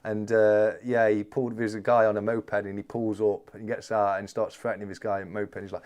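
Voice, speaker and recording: A man's voice: fairly low pitch, little pitch movement, brisk, hardly any pauses, darkish tone. A man hosting a live stream, reading viewer comments aloud in a chatty, jokey way and calling people mate.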